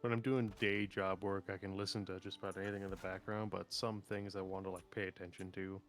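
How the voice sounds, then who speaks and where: A man's voice: low voice, flat delivery, fast talker, faint music behind. A man chatting casually and thoughtfully with friends while playing a game on stream. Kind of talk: casual chat while gaming.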